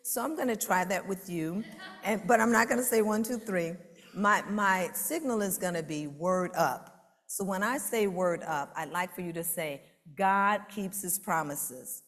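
A woman with a fairly low voice shares her church testimony with fervent conviction, slowing and rising on her emphatic lines. Her words ring out through a large sanctuary with a long, lingering reverb. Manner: fervent, rises loud and slow on emphatic lines. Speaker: preschool teacher giving a church testimony.

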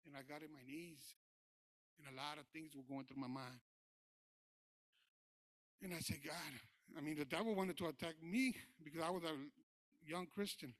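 A man with a high voice preaches his own testimony in a church. He talks loosely, full of fillers, and drops soft before rising to loud, driving preaching. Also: normal speed, pauses often, no room sound. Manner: informal, many fillers, swings between quiet recollection and loud preaching. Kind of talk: sermon testimony.

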